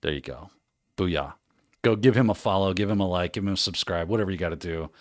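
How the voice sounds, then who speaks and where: A man's voice: deep voice, quick pace, dry recording, studio quality. A man hosting a livestream in casual chat, reading out viewer comments, joking and laughing often. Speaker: livestream host.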